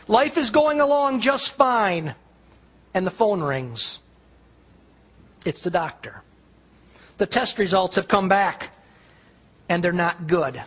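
A man preaching a sermon, retelling a story vividly and dropping to a near hush on the quiet lines. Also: high voice, slightly rough. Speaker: pastor.

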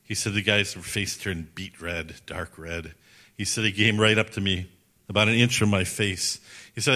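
A man giving a sermon as a missionary speaker, telling stories in an animated, chatty way. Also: low voice, moderate pace. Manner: animated, chatty, laughs at his own stories. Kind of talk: sermon storytelling.

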